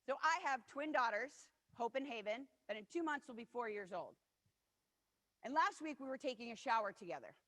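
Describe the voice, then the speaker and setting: Her voice sits on the high side, fairly bright and expressive, at an ordinary pace. This forties-aged keynote speaker tells personal, earnest stories meant to motivate, performing the lines other people spoke. A long hall echo fills the recording.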